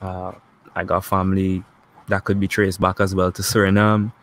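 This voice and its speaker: A man talks easily in a casual online chat. His voice sits low, and he speaks in an unhurried, relaxed way, turning now and then to address viewers. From Guyana.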